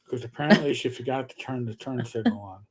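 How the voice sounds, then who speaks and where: A man co-hosting a live stream, telling a story in a casual, lively way, with some swearing and stumbling repeats. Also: medium pitch, fast talker, husky. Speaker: co-host.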